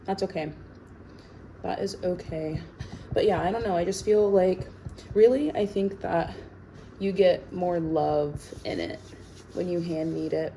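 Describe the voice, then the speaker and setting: A woman actor chatting casually while baking in her home kitchen, sassy and full of "like" fillers, in a tired, lower sleepy voice. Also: dark tone, a little hiss or hum, rough recording.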